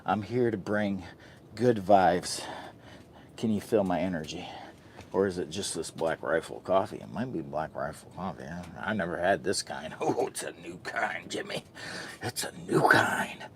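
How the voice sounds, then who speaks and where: A man's voice: deep voice, moderate pace, fairly bright tone, a little hiss or hum. A man chatting casually to the camera while camping in a hot tent, goofy and loopy, joking about himself in the third person. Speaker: camping vlogger. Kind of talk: casual vlog chat to camera.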